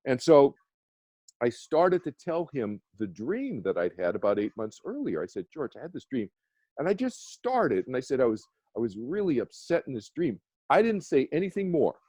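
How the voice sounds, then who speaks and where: A man's voice: medium pitch, big pitch swings, moderate pace, mellow, dry recording. A man, a meditation teacher, telling a personal story as a radio guest, earnest and rambling with many restarts. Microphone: phone or video call.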